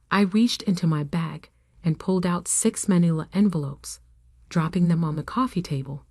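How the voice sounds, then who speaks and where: A woman reading a first-person story as scripted narration, in a measured, even way. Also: fairly low pitch, no echo, studio quality.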